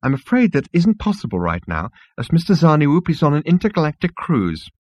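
A man's voice: fairly high pitch, huge pitch swings, a little fast, a little mellow, no echo, lo-fi sound, pitched above the performer's own voice. A man voicing a touchy, prissy insect receptionist who talks in an icy, snippy, flouncing way. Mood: huffy.

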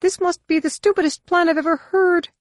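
Snippy male alien, voiced by a woman: very high, quick retorts, dry studio sound. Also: fairly even intonation, no echo. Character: sharp-tongued male alien mechanic. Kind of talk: audiobook character voice.

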